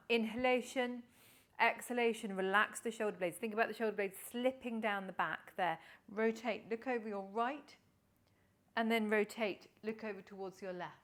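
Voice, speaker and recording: A woman Pilates instructor leading an exercise class with calm, encouraging cues and counting. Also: fairly high pitch.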